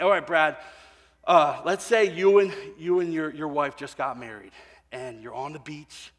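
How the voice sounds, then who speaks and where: A man preaching a sermon, telling stories and acting out the people in them, with animated swings between soft and loud delivery. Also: medium pitch. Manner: animated storyteller, voicing people in his anecdotes, swinging from quiet to shouting. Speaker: pastor. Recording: long hall reverb. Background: congregation.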